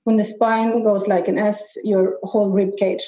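Woman in her forties, mellow tone. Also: mid-range voice, flat delivery, measured pace, roomy sound, highs cut off. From Norway. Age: 40s. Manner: hesitant, many uh fillers. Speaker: podcast guest. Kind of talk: casual interview.

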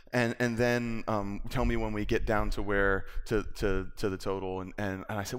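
A man's voice: lowish voice, flat delivery, fairly quick, hardly any pauses, a bit bright, clean tone. A man preaching, telling a personal story with acted-out quotes and laughter. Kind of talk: sermon storytelling. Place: church.

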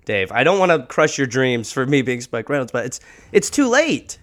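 A man co-hosting a comedy podcast, telling stories in a casual chat and breaking into shouted impressions. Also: mid-range voice, big pitch swings, moderate pace. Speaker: podcast co-host.

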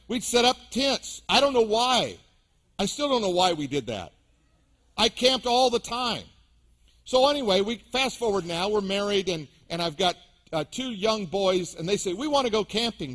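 Middle-aged guy preaching, high voice, jokey stories, talks right to the crowd. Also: fairly bright tone. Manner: storytelling, humorous, addresses the congregation directly. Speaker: pastor. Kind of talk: sermon.

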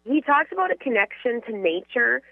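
A woman, co-host and medium, passing on messages in a gentle, chatty way full of "like" fillers. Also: fairly high pitch, very animated, a little fast, vocal fry, no echo, narrow, tinny audio. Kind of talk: relaying spirit messages in casual chat.

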